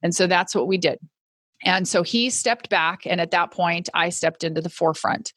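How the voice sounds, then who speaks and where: A middle-aged woman hosting a podcast, telling her own story in an earnest, reflective way and slowing down on key words. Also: fairly low pitch, fairly bright tone, no room sound. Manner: earnest and reflective, slows down for emphasis. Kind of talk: personal storytelling monologue.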